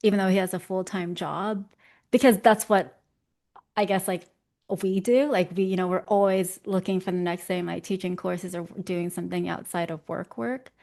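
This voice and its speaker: Interview guest: young woman, low voice with a gravelly edge, chatty and self-mocking. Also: steady tone, normal speed, warm tone. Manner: chatty and self-deprecating, laughing often. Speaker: interview guest, visual development artist. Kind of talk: casual conversation.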